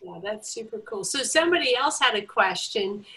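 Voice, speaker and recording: A woman's voice: a little high, animated, moderate pace, sharp tone, low-quality recording. A woman hosting a casual interview, chatty and gushing, with lots of fillers. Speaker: host.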